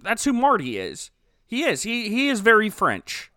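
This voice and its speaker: A man's voice: high-pitched, wildly swooping pitch, moderate pace, sharp tone, dry recording, clean studio sound. A man co-hosting a podcast, reviewing a movie in a sarcastic, joking way. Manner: sarcastic, joking, often laughing. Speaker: podcast co-host. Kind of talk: casual movie-review chat.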